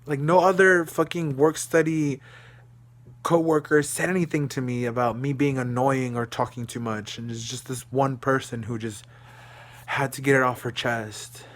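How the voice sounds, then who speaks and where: A man's voice: fairly even intonation, normal speed, fairly bright tone. A young man from Dallas, Texas, venting in a profane, agitated video diary from his room. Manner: agitated, profane venting that trails into a low murmur. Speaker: vlogger. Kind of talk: emotional video diary rant.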